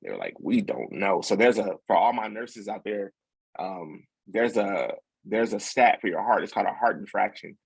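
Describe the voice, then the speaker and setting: A man in his forties tells his story in a gravelly, husky low voice, close and dry. He acts out the nurses, the doctor and his friend with easygoing street slang. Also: moderate pace, no echo. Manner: animated, acts out quotes with slang. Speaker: podcast guest. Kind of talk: casual storytelling.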